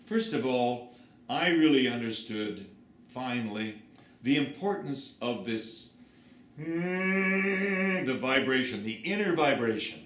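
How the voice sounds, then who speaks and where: A man teaches singing in an animated, swooping voice, his pitch leaping when he demonstrates. The room rings around him, and a faint hiss sits underneath. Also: a little slow. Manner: lively, explanatory, demonstrates sounds with his voice. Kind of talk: spoken singing lesson with sung examples. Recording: roomy sound with faint background noise.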